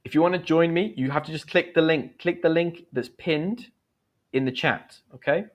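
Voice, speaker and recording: A man's voice: fairly high pitch, moderate pace, dull audio. A man, teaching and chatting on a livestream in a chatty, encouraging way. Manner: chatty, encouraging, reads out comments. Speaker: English teacher hosting a livestream. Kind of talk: live-stream chat and teaching.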